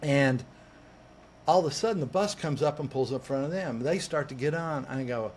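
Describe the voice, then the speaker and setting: A man, a coach and podcast guest, telling a personal story in an animated way, acting out what people said and restarting words as he goes. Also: medium pitch, normal speed, a little hiss or hum. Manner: lively, acts out quoted voices, restarts words.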